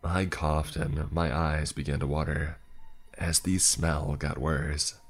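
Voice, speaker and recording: A man's voice: very deep voice, flat delivery, a little slow. A man narrating a first-person story in a wry, exasperated way.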